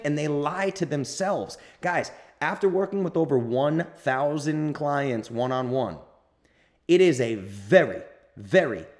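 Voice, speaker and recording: A man hosting a solo self-help podcast, talking bluntly and emphatically with some swearing and repeating his points to drive them home. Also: on the high side. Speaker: podcast host and coach. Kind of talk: solo motivational podcast monologue.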